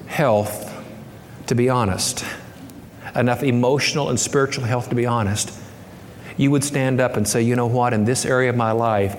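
A middle-aged man preaches from the pulpit in an earnest, pleading way that climbs into impassioned, raised stretches. His voice sits at an ordinary male pitch. It carries a long reverb off the hall, with a faint ambient hush behind it. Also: a little hiss or hum. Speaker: pastor. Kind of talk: sermon. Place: church sanctuary.

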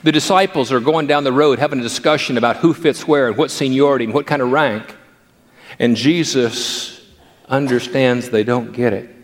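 A man's voice: mid-range voice, moderate pace, in a large hall. Older man preaching, storytelling playfully. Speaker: pastor. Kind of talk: sermon.

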